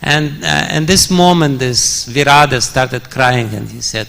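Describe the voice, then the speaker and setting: A man's voice: mid-range voice, unhurried, gravelly, hardly any pauses, a bit bright. A man preaching a scripture story in a temple hall, chuckling often and using many fillers. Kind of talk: storytelling sermon.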